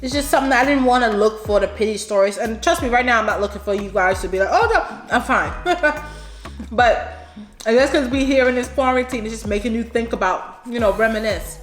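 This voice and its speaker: Eating at a table in a room at home, a vlogger with a New York accent chats casually through a mukbang, telling a story with frequent laughs. Her voice is on the high side and quick, the sound roomy with faint music behind.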